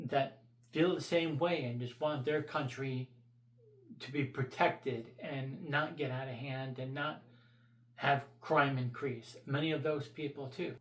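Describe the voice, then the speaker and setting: A man's voice: medium pitch, reverberant. A man vlogging his opinions in a blunt, profane, rambling rant.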